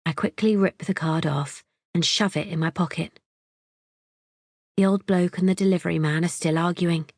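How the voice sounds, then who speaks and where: A woman's voice: lowish voice, fairly even intonation, normal speed, long pauses, no room sound, clean studio sound. A woman narrating a psychological thriller audiobook in the first person, wry and tense.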